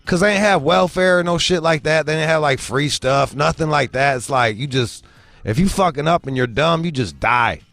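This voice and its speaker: A man's voice: on the high side, moderate pace, dry recording, faint music behind. A young man hosting a show, telling a story as a profane comedic rant and acting out the voices he quotes. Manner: animated storytelling, acts out quoted voices, swears heavily. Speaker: host.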